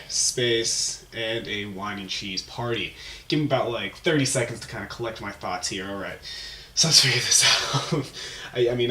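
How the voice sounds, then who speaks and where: A man's voice: medium pitch, a bit bright. A man hosting his own vlog, rambling and chuckling as he improvises a comic story, self-mocking as he goes. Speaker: host. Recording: roomy, distant mic, faint hum.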